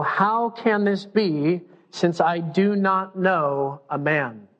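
High-voiced pastor preaching in a reverberant hall. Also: male voice. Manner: animated preaching, acts out quoted voices. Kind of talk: sermon. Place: church sanctuary. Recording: dull sound, long hall reverb.

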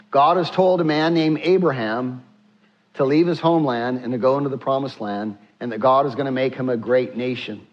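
A man's voice: mid-range voice, moderate pace, muffled recording. A man preaching a sermon, who leads his congregation in reading scripture aloud. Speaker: pastor.

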